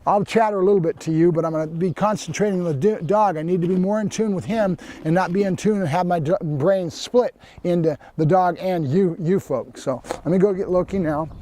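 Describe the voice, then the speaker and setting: A man's voice: high voice, brisk, hardly any pauses, dark tone. A man, a professional dog trainer, explaining his training methods plainly and directly to viewers. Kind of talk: instructional training video.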